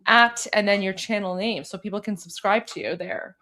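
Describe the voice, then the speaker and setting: A woman's voice: medium pitch, moderate pace, sharp tone. A woman from Iran co-hosting a live stream, chatting casually with many fillers and restarts.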